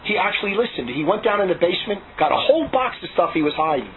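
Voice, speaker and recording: A man giving a rambling spoken testimony, repeating himself and restarting his sentences in excited bursts. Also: high-pitched, fast. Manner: repetitive, restarts often, excitable. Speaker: former monastery resident giving testimony. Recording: tinny phone-like audio with faint hiss.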